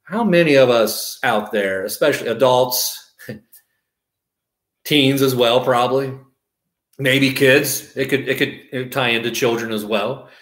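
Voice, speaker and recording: A man's voice: medium pitch, takes it slowly, reverberant. A male pastor preaching a sermon, telling stories animatedly and acting out voices. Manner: animated storytelling with acted-out voices.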